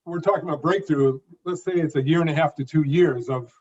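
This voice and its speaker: A man around sixty talks as a guest in an interview, his voice sitting a bit high for a man. He speaks in clear emphatic phrases, sometimes repeating a word as he restarts. The audio is dull and lo-fi. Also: fairly quick, a little mellow. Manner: phrased, emphatic delivery with occasional repeated words. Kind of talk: conversational interview.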